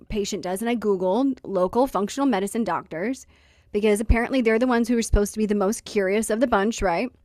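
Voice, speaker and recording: A woman's voice: medium pitch, no echo. Woman host, chatty and wry, acts out the quotes, dry close mic. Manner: lively, wry storytelling with acted-out quotes and laughter. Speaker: podcast host. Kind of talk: casual storytelling chat.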